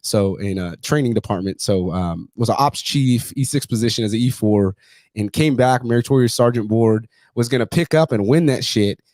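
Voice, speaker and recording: A man's voice: medium pitch, moderate pace, darkish tone, dry recording. Blunt, profane man telling war stories. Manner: profane, blunt, swears constantly; acts out other voices in his stories. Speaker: podcast host. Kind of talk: casual storytelling chat.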